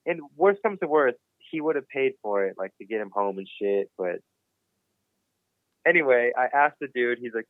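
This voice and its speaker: A man's voice: mid-range voice, moderate pace, dry recording. A young man tells a story as a podcast guest, swearing freely and playing up the drama. His voice comes through thin and phone-like, with no room sound around it. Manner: swears constantly, animated and dramatic retelling. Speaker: podcast guest, BMX rider. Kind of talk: casual storytelling. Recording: dry, phone-like narrow sound.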